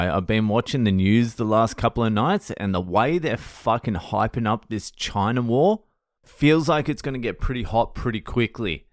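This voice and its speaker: A man with an Australian accent rambles through a history story in a crude, casual monologue, swearing every few words. His voice sits a little low. The sound is dry and close, with no room echo. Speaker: podcast host.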